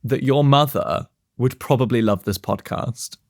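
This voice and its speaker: A man with a mid-pitched voice co-hosting a comedy podcast, giving listeners advice in a wry, dry way. The recording is close and dry, with no room sound. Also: unhurried, no echo. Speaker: podcast co-host. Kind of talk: casual comedic chat.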